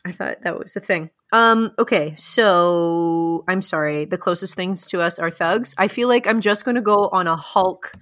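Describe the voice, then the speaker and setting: A woman's voice: fairly low pitch, moderate pace, few pauses, fairly bright tone. Woman player, playful and chatty, casual game talk. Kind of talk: casual tabletop play.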